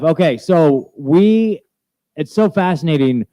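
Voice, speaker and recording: A man hosting an onstage festival chat, joking and energetic, a bit scattered, on a handheld mic. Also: fairly high pitch, normal speed, dry recording, low-quality recording. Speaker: host interviewing festival presenters. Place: festival stage. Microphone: handheld microphone.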